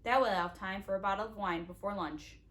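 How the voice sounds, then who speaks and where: A woman's voice: medium pitch, fairly quick, a bit bright, close to an everyday voice. A woman reading a storybook aloud, voicing a sneering, menacing adult male villain with a mocking, threatening manner. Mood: gloating.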